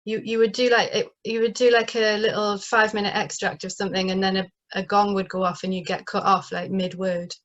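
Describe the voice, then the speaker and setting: A woman's voice: mid-range voice, level tone, a little fast, hardly any pauses, a bit bright, muffled recording. Chatty northeast English woman, hesitant. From northeast England. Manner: chatty, hesitant, many fillers and restarts. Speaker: playwright guest. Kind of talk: casual interview talk.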